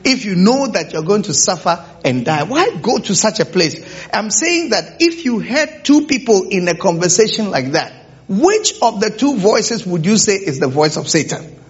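A man's voice: high-pitched, big pitch swings, moderate pace. A man preaching a sermon to a congregation, often stopping to ask whether they understand, on a dull lo-fi recording. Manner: keeps checking in with the congregation with rhetorical questions.

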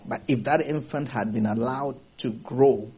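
A man preaching a sermon in a theater, animated, laughing often and asking the congregation rhetorical questions. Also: mid-range voice, a little slow, lo-fi sound. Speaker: pastor. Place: theater used for a church service.

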